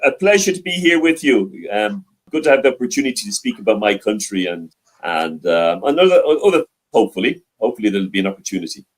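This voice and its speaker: A man's voice: on the low side, sing-song, fast, breathy edge, rough recording. An older man from Ireland with a mild Dublin accent, chatting as an interview guest, hesitant, with many restarts and fillers. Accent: Dublin Irish, mild. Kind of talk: casual interview chat. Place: library.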